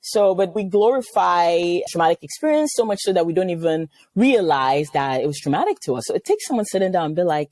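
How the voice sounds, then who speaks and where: A middle-aged woman from Nigeria talking as a psychiatrist guest, her pitch low yet swinging widely as she tells stories. Her tone is mellow and dark, and the sound is dry and close. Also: brisk, few pauses, no echo. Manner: animated, storytelling, acts out quoted voices. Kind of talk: conversational interview.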